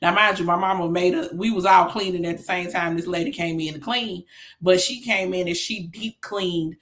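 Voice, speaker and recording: A woman's voice: on the low side, moderate pace, fairly bright tone. A woman co-hosting a casual podcast, telling stories in a laid-back, colloquial way. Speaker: podcast co-host. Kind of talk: casual chat.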